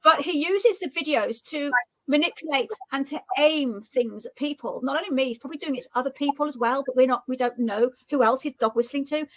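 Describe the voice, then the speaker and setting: A woman co-host speaks in a high, rapid voice, indignant and pressing her points. It is casual online discussion talk. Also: rough recording.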